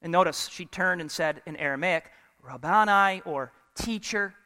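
A male pastor preaches a dramatic sermon at normal speed in a high, bright, forceful voice. He swings from full volume down to a near hush and drops in humorous asides, all ringing with the long reverb of a large church.

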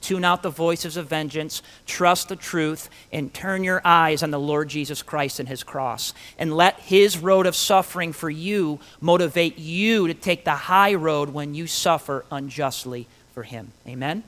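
A man preaching a sermon, emphatic and animated, with rhetorical questions and dramatic pauses. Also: fairly high pitch. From Italian heritage.

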